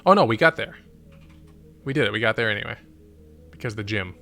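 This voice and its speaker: A man's voice: fairly low pitch, expressive, quick pace, sharp tone, faint music behind. A man thinking aloud and muttering as he streams a strategy game. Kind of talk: casual gameplay commentary.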